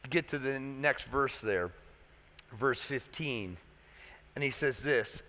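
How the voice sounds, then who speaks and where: A man's voice: mid-range voice, slow, long pauses, sharp tone. A man preaching a sermon as a pastor, talking conversationally and asking the congregation rhetorical questions. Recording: echoey hall reverb.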